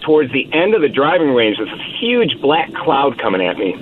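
A man calling in to a radio show and telling a story in a relaxed way. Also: mid-range voice, normal speed. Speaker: caller. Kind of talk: phone-in storytelling. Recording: tinny phone line with crowd noise.

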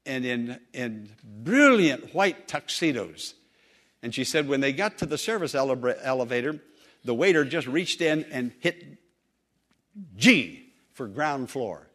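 A man's voice: mid-range voice, fairly bright tone. Earnest man preaching a sermon. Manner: earnest, emphatic, with slow drawn-out phrases. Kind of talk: sermon storytelling.

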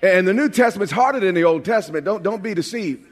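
A man's voice: high-pitched, expressive, quick pace. A pastor from New York preaching a sermon in a conversational, joking way, often restarting his phrases. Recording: long hall reverb.

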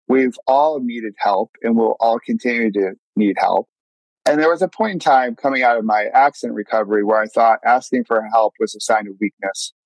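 A man's voice: medium pitch, no room sound, rough recording. A man telling a personal story as a podcast guest, earnest, acting out his own thoughts and often restarting words. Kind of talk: casual storytelling.

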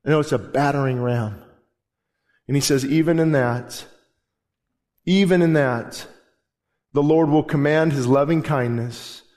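A man's voice: on the high side, measured pace, long pauses, a little mellow. A man preaching a sermon as pastor in a church, fervent and emphatic, hammering home repeated phrases. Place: church sanctuary. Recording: long reverb of a large hall.

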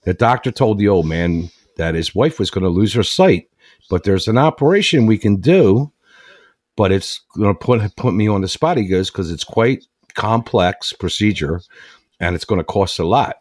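Low-voiced man telling a heartfelt story. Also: animated, normal speed, no room sound, studio quality. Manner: earnest, rambling storyteller with restarts. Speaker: radio show host. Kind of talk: storytelling on a talk show.

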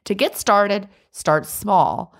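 A woman co-hosting a casual podcast, chatty and quick to laugh as she reads listener letters aloud. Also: mid-range voice. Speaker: podcast co-host.

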